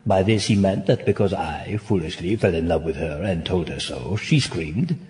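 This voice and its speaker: A man playing a deep, weary damned nobleman. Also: animated, normal speed, dark tone, a little hiss or hum. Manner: languid, sardonic, elegant stage delivery. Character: weary, ironic damned nobleman, male adult. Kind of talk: classic stage play acting.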